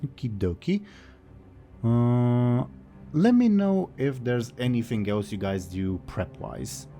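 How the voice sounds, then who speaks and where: A man's voice: mid-range voice, expressive, slow, mellow, soft background music. A man acting as game master in a tabletop role-playing game, with a playful, easygoing manner.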